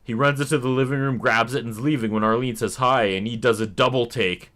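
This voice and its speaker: A man co-hosts a podcast in relaxed conversation, talking fast in a mid-range voice. He's animated and jokey, laughing often.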